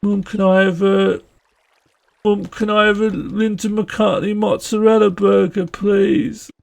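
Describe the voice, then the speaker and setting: A man putting on a Birmingham-accented young boy who pleads with his mum for food in a slow, drawn-out whine. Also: high-pitched, flat delivery, gravelly, pitched above the performer's own voice. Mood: pleading. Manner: pleading, stretches words slowly.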